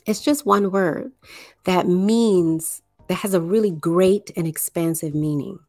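A woman from the New Orleans area giving a slow explanatory monologue, with deliberate, drawn-out phrasing and pauses. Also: lowish voice, warm tone, no room sound, studio quality, soft background music.

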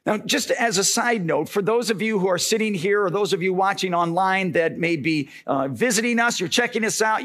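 A male pastor giving an energetic, conversational sermon, often checking in with the congregation. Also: sits high, husky.

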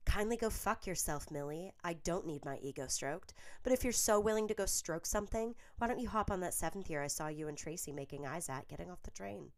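A woman's voice: lowish voice, animated, a little fast, few pauses, pitched above the performer's own voice. A woman voicing a scornful teenage witch girl. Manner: sneering, bossy.

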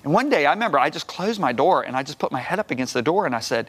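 A middle-aged man shares his testimony as a guest minister, acting out the dialogue in animated bursts. His voice sits a little high. He gets loud whenever he hits a point he wants to stress. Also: very fast, slightly rough. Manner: animated storyteller, rising loud when emphatic; acts out quoted dialogue. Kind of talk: testimony in a talk show.

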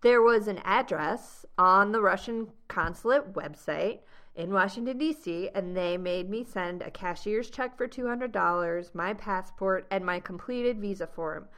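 A young American woman hosting a travel podcast, telling a story in a lively, laughing way. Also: medium pitch, a little slow. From United States. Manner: animated storyteller, laughs often. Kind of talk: casual storytelling chat.

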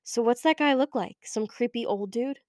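A woman's voice: fairly high pitch, moderate pace, a little mellow, no echo, studio quality, close to an everyday voice. A woman reading an audiobook, voicing a teasing, loyal young woman friend talking on the phone. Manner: teasing, blunt, playful. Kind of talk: audiobook character voice.

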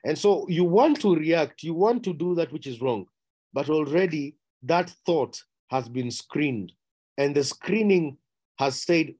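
A man's voice: expressive, unhurried, breathy edge. A man preaching a sermon, emphatic, asking rhetorical questions and repeating key phrases. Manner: rising in pitch and loudness on key words.

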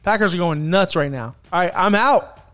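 Fired-up high-voiced man ranting. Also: animated, normal speed, background noise. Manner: fired up, swearing, emphatic. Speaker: podcast host. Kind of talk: fantasy football podcast rant.

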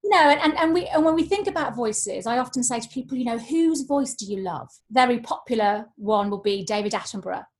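A woman's voice: on the high side, lively intonation, brisk, few pauses. A woman, a voice coach talking expressively in a podcast conversation. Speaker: voice coach guest.

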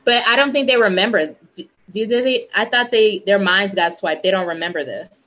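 A woman's voice: medium pitch, moderate pace, a bit bright. A woman co-hosting a podcast in casual chat, rambling with frequent ums and light laughs. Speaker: podcast co-host. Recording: dull, lo-fi sound.

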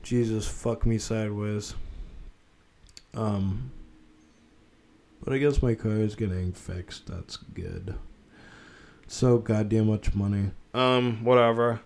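Rambling, profane young man with a smooth voice. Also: lowish voice, very animated, takes it slowly, pauses often, darkish tone. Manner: rambling, profane, full of fillers. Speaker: podcast host. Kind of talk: casual solo podcast rant.

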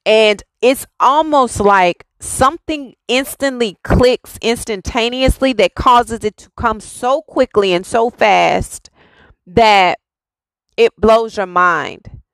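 A woman's voice: fairly high pitch, slow, no echo, poor audio. A woman giving an intuitive spiritual reading in a reassuring way, repeating her phrases insistently. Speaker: spiritual reader.

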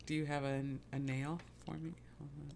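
A woman's voice: deep voice, level tone, moderate pace, gravelly, a little mellow, a little hiss or hum. A woman co-hosting a casual podcast chat, joking, laughing often and rambling between topics. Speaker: podcast co-host.

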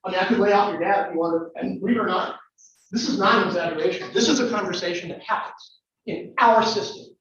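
A man's voice: high voice, fast talker, fairly bright tone. A man, a lawyer, giving a conversational, wry talk to a live audience and putting questions to them. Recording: echoey room from far off, dull sound.

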